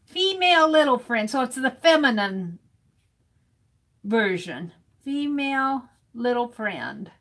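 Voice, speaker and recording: A woman's voice: a little high, big pitch swings, takes it slowly, a bit bright. A woman chatting casually with viewers on a live art stream while she cuts a stencil, greeting people by name and sounding out words playfully.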